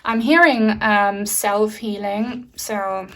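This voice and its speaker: A woman's voice: medium pitch, steady tone, slow pace, noisy background. Earnest woman giving a tarot reading. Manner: gentle, earnest, with soft fillers and frequent restarts. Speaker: tarot reader. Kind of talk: pick-a-card tarot reading.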